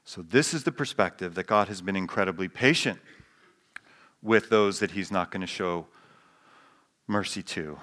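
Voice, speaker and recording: In a church sanctuary, a pastor preaches to a live congregation in a low-pitched voice with a fairly bright tone. He's playful, joking with the people in the pews, then slows down to read scripture with emphasis.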